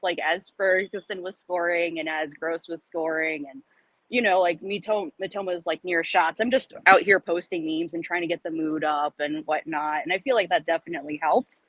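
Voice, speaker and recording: A woman talking in an upbeat, confident way as a podcast co-host, with lively shifts of tone when she quotes other people. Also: on the low side, no room sound, rough recording. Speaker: podcast co-host supporting from abroad. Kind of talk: casual chat.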